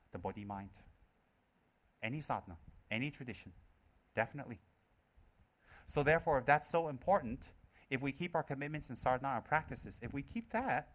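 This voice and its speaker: A man giving a live Buddhist teaching, asking rhetorical questions, repeating key phrases and teasing his listeners. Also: mid-range voice. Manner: playful, teasing listeners between points. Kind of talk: live Dharma talk to an audience.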